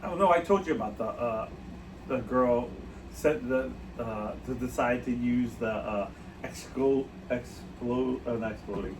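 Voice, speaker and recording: A man's voice: mid-range voice, a little slow. A man co-hosting a podcast, chatting casually and telling stories with frequent laughter. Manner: laughs often, tells animated stories. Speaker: podcast co-host. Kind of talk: casual chat. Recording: distant mic with faint noise.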